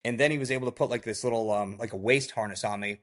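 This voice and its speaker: A man who is a podcast guest, telling a survival story in a lively way and acting out what others said, often saying "like" and "you know.". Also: fairly low pitch, quick pace. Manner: heavy use of "like" and "you know".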